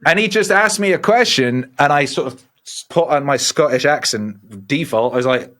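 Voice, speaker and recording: A middle-aged man, a podcast guest, telling rambling, animated stories with lots of swearing. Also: on the high side, moderate pace. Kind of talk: casual storytelling.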